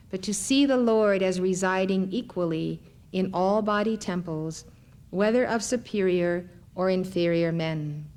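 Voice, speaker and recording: A woman voicing a devout male disciple who speaks in a reverent, reflective way. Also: high voice. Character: devout male disciple recalling a holy encounter.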